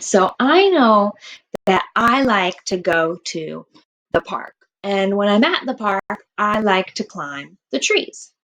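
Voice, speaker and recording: A woman teaching a kindergarten writing lesson, stretching out words and sounds for young children. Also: medium pitch.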